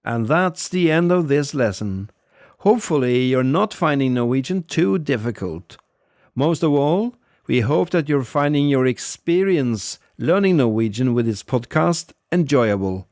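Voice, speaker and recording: A man teaching a scripted audio language lesson, patiently repeating phrases slowly for learners. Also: mid-range voice, lively intonation, darkish tone, dry recording, studio quality.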